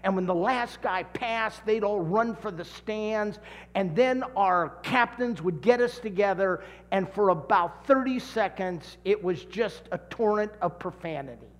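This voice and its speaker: High-voiced preacher in a reverberant hall. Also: male voice. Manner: storytelling, with dramatic shouts and drawn-out emphasis. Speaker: pastor. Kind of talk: sermon.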